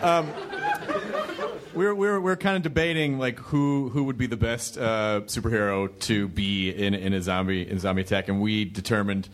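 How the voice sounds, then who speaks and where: A man's voice: on the low side, steady tone, moderate pace, hardly any pauses. A man hosting a podcast, chatting casually and joking with his guest, swearing freely. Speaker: podcast host.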